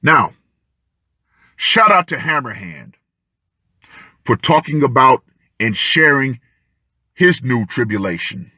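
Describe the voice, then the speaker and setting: A man giving ranting commentary with emphatic, deliberate, punchy declarations. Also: mid-range voice, very animated, sharp tone, no room sound, studio quality. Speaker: online commentator.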